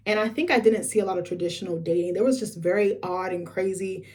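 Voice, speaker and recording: A young woman vlogging in a chatty, candid way. She talks fast and fills her sentences with casual fillers as she tells her story. Her voice sits at a mid pitch. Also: a little mellow. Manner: chatty, frequent filler words. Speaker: vlogger host.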